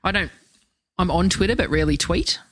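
A man's voice: high-pitched, a little fast, a bit bright, slight background noise. A man co-hosting a podcast in casual chat, laughing often and swearing freely. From Australia. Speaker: podcast co-host.

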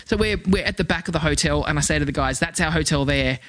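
An Australian woman telling a lively, sweary story as a podcast guest. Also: low-pitched, fast, no echo. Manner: swears freely, animated anecdote-telling. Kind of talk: casual chat, storytelling.

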